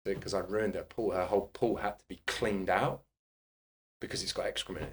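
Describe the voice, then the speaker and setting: Animated man telling a story. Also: low-pitched, brisk. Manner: animated, swearing, laughing storyteller. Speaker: podcast guest, personal trainer. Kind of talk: casual anecdote telling.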